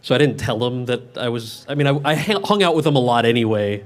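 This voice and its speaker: A man's voice: medium pitch, expressive, fast. A male actor answering audience questions at a public Q&A, candid and often restarting his sentences. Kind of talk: public Q&A conversation. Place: event with live audience.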